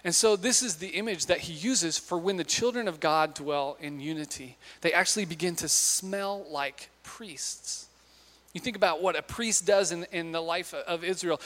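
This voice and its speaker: A man's voice: sits high, fairly bright tone. A man preaching a sermon in a conversational, storytelling way, putting questions to the audience. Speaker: pastor. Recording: long hall reverb.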